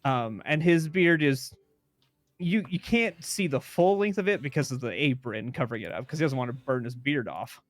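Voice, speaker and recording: A man narrating a tabletop game as game master, rambling with many pauses and fillers. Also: mid-range voice, lively intonation, no echo.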